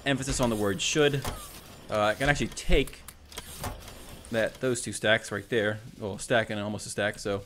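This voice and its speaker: A man with a low-leaning, fairly bright voice and fairly even intonation speaks at a normal speed over a little hiss or hum. Hosting a let's play, he narrates casually, thinks through moves aloud, corrects himself, and talks to the robot units.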